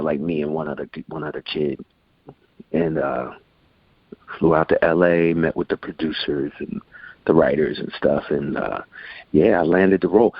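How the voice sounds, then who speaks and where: A man in his forties, an interview guest, casually tells stories and animatedly acts out the people in them, doing quotes in voices. His voice sits low, gravelly and slightly rough, on a dry, dull lo-fi recording.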